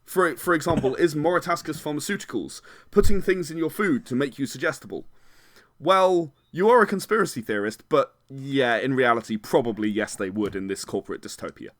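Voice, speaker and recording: A man's voice: mid-range voice, animated, fairly quick, fairly bright tone, no echo. Rambling man with a dry close sound. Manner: rambling, hedges with many "sort of"s and restarts. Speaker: game designer guest. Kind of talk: casual podcast chat.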